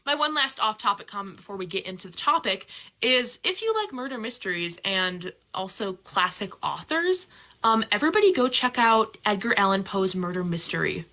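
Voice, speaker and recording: A young woman with a Midwestern American accent hosts a livestream in a casual, animated chat. Her voice is bright and forceful, and she keeps the talk moving with quick asides. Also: mid-range voice. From Michigan, USA. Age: young adult. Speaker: livestream host. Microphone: webcam or phone mic on a livestream.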